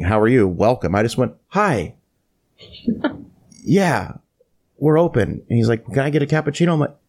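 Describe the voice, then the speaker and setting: A man co-hosting a podcast, telling a personal story in a casual, animated way and acting out what people said. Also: on the low side. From Florida. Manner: animated anecdote-telling, acts out quoted lines. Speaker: podcast co-host.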